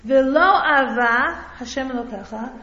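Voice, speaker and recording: High-voiced woman teaching in an echoey room. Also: a little slow, pushed and bright, muffled recording. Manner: conversational, checks in with frequent "right?". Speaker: Torah teacher. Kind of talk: religious class lecture.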